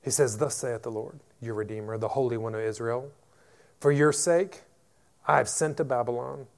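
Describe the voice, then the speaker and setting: A man's voice: mid-range voice, normal speed, gravelly. A male pastor preaching a sermon to his church, building to emphatic declarations and repeating words as he goes.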